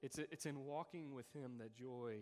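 A man's voice: mid-range voice, moderate pace, darkish tone, faint music behind. A man preaching a sermon to a congregation, a pastor telling a story in an earnest, heartfelt way. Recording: long reverb of a large hall.

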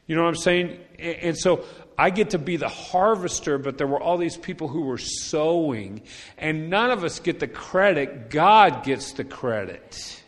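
Storytelling male preacher in a reverberant church. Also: a little high. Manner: conversational storytelling preaching with emphatic repetition. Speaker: pastor. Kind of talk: sermon. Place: church sanctuary. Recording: long church hall reverb.

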